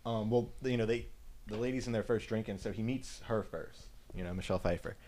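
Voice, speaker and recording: A man's voice: fairly low pitch, a little fast, darkish tone. A man co-hosting a podcast who retells a film in a casual, rambling way, full of fillers. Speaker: podcast co-host.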